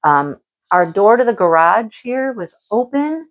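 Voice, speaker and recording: A woman's voice: medium pitch, a little slow, highs cut off. Chatty woman crafting vlogger at home. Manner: chatty and animated, acts out her own past remarks. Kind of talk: casual chat about crafts and home life.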